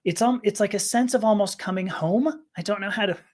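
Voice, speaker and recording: A woman's voice: medium pitch, fairly quick, a little mellow. A woman guest on a podcast, telling a personal story candidly, often stammering, laughing and restarting her sentences.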